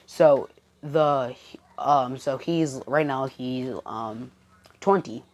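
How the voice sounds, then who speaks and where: A woman's voice: extremely low pitch, drawn-out words, a little mellow. A woman improvising a fan-fiction story aloud, rambling with many fillers.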